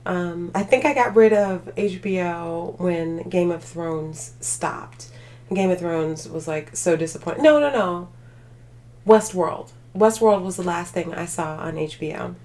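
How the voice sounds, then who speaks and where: A woman's voice: lowish voice, measured pace, a little mellow. A tired woman hosting a casual livestream, chatting with viewers in a rambling way full of filler words and laughter. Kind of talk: casual live chat.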